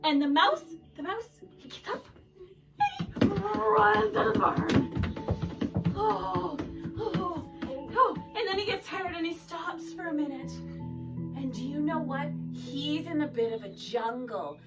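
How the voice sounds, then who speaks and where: A woman's voice: sits high, measured pace. Playful woman teaching kids yoga over music. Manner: playful, sing-song storytelling with animal sounds. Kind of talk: guided kids yoga class. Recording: distant mic with loud background music.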